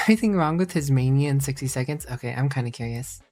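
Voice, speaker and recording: Woman streamer, very deep voice, mellow tone, chatty and soft. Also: quick pace, faint music behind. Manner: soft, chatty, reading chat aloud. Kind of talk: casual stream reaction.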